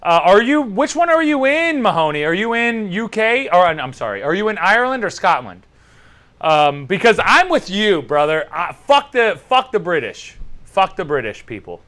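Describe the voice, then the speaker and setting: A young American man hosts a loose podcast, reading chat messages and riffing with plenty of swearing and loud laughs. His voice sits high and swings widely. It has a bright, sharp edge. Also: very animated, moderate pace. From United States. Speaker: podcast host. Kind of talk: casual chat reading live chat.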